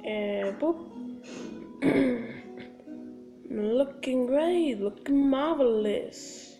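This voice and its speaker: Over soft background music, a woman hosts a gaming video, chatting casually about her gameplay and addressing viewers directly with little sound-effect words. Her voice is high and warm, and she speaks very slowly.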